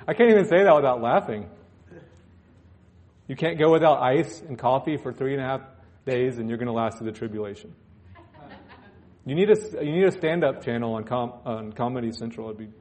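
A man's voice: medium pitch, darkish tone. A male pastor preaching in church, reading scripture aloud and breaking off into joking asides. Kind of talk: sermon.

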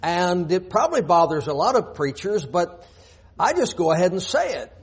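Husky high-voiced preacher man. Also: very animated, moderate pace. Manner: emphatic, rhetorical questions, reads scripture aloud. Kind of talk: sermon. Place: church.

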